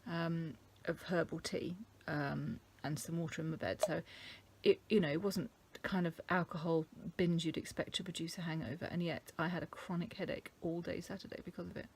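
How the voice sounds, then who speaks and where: A middle-aged woman from England talking casually to camera, thoughtful and halting, with many ums. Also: lowish voice, steady tone, breathy edge. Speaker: vlogger. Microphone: camera mic.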